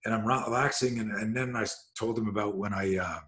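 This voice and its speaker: Animated, swearing male storyteller. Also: fairly low pitch, a little fast. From Canada. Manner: animated, swears, acts out quoted speech. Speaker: self-defense coach and host. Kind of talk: casual storytelling on a call. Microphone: video call.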